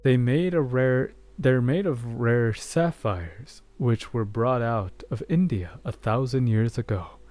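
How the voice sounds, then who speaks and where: A man voicing a gentle, kind male statue prince in a soft, measured, solemn way. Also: mid-range voice, no room sound, natural voice.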